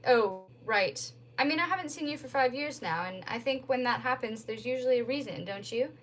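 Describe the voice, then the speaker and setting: A woman's voice: on the high side, animated, a little fast, pitched above the performer's own voice. A woman reading aloud, voicing a bitter young woman on the phone who is blunt and cutting.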